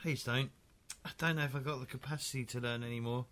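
A man's voice: medium pitch, fairly even intonation, fast talker, a bit bright. A man chatting as a player at the game table, blunt and joking.

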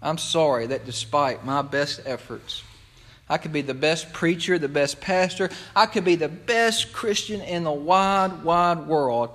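Male pastor, passionate conversational sermon delivery, slightly high-pitched. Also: measured pace, fairly bright tone. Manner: impassioned, repetitive, conversational preaching. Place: church sanctuary.

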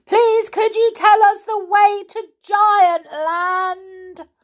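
Woman playing storybook little girl, giggly, bossy, high, swooping, slow. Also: wildly swooping pitch, a little mellow, slightly rough, heavily acted. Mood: lively, scolding. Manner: giggly, easily annoyed. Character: giggly, sensible young girl.

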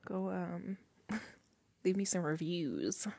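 Speaking slowly in a lowish, creaky and slightly mellow voice, a young woman runs a casual solo podcast from home on a handheld mic, with no echo. She rambles, uses plenty of fillers, laughs often and swears now and then.

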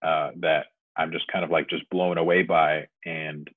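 A man's voice: extremely low pitch, level tone, measured pace, no echo. A man as a podcast guest, explaining things thoughtfully at length in casual conversation. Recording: dry, phone-like remote audio.

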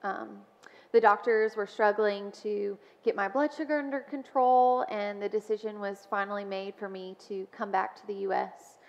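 A woman's voice: mid-range voice, steady tone, moderate pace, gravelly. Woman sharing a testimony in a church hall. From Mobile, Alabama. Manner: warm storytelling with frequent ums and soft laughs. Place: church sanctuary. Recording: dull sound with long church reverb.

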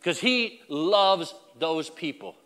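Man, pastor mid-sermon: lively swinging delivery, bright and forceful, addresses the flock head-on. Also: a little high, slow, in a large hall. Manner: emphatic, repetitive preaching with direct address.

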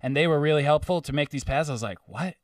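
Animated man telling a story. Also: a little high, rapid-fire, no echo, clean studio sound, distant mic. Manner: animated, swearing, mimics people he met. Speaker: podcast co-host telling a story. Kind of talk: casual storytelling chat.

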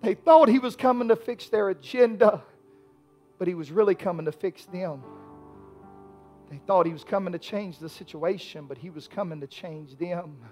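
A man preaching a sermon as pastor, swinging from hushed lines to shouted peaks. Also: high voice, moderate pace, faint music behind.

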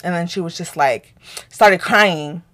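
A young woman from Nigeria, co-hosting a podcast, telling a story in casual chat, animated and profane as she acts out both sides of a quarrel. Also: lowish voice, measured pace. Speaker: podcast co-host.

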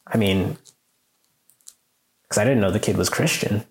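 A male teacher earnestly telling a story in a conversation, growing animated as he recounts a moving moment. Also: unhurried, reverberant. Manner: earnest, animated, rises in pitch when moved. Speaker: high school teacher, guest.

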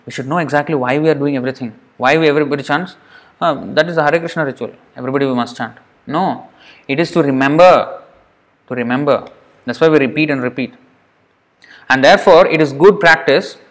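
A man teaching a devotional scripture class in a slightly raised voice. He speaks earnestly and often says a word twice to drive the point home. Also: fairly high pitch. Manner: earnest, repeats words for emphasis. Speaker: lecturer.

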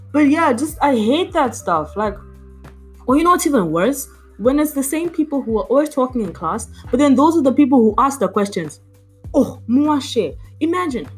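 Young woman venting about class, gets worked up, lots of likes and ums, soft music under it. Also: medium pitch, rough recording. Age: young adult. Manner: animated, exasperated storytelling with frequent fillers. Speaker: university student vlogger. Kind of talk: casual chat.

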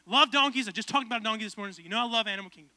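A man in his twenties, a pastor telling a casual, animated story in a sermon that builds to fervent preaching. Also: high-pitched, racing, no echo. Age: 20s.

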